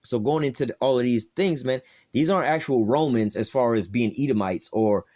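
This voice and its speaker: A man's voice: mid-range voice, a little fast, darkish tone. A man teaching scripture in a loose, profane, conversational way, often saying "all right" and "you know". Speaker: Bible teacher.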